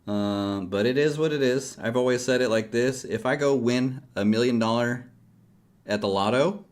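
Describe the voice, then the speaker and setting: A man's voice: medium pitch, moderate pace. A middle-aged man chatting casually on a livestream, rambling and jokey as he talks straight to his viewers. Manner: self-deprecating, jokey. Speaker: livestreaming futures trader.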